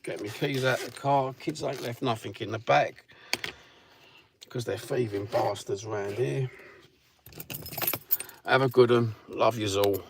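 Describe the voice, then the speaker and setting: A man's voice: medium pitch, measured pace, gravelly, long pauses. A middle-aged man with a Cockney East London accent, rambling bluntly and swearing while he chats and drives. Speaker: vlogger. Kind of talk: casual chat while driving. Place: inside a car. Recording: car noise behind the voice.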